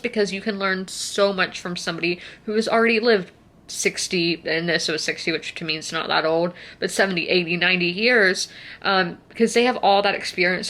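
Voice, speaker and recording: A woman's voice: lowish voice, sharp tone. A woman, a bit out of breath, chatting and rambling casually in a book vlog. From South Carolina. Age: 20s. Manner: chatty and rambling, full of fillers. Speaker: book vlogger. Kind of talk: casual chat.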